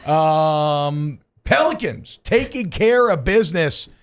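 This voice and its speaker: A man's voice: a little high, lively intonation, slow, clean tone. A man hosting a sports radio show in a studio, chatting casually with many restarts and jokes. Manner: rambling, jokey, many restarts.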